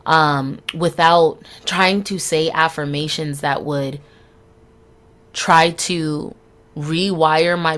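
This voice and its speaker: A young woman hosting a solo podcast, speaking candidly and frankly, swearing freely and laughing between phrases. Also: sits low. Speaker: podcast host.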